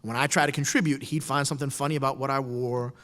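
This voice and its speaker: Giving a talk in a lecture hall with long reverb, a middle-aged man tells a wry personal story to the audience. His medium-pitched voice moves fast, and he's animated, quoting voices as he goes.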